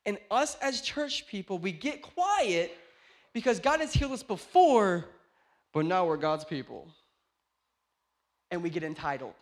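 A man in his thirties preaching to his church, his voice sitting high for a man. He swings from shouted exclamations down to quiet, conversational storytelling. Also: very animated, measured pace, long pauses. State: tired, short on sleep. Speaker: pastor. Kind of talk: sermon.

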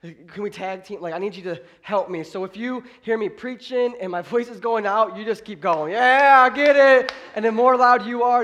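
A man preaching a sermon as pastor, hoarse from losing his voice, chatty and energetic with the congregation. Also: sits high.

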